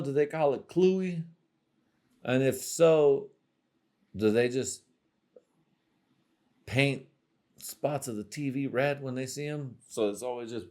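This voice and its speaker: A man's voice: medium pitch, a little mellow. A man casually rambling through stand-up jokes he is trying out, loose and profane. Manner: rambling, profane, laid-back. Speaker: comedian.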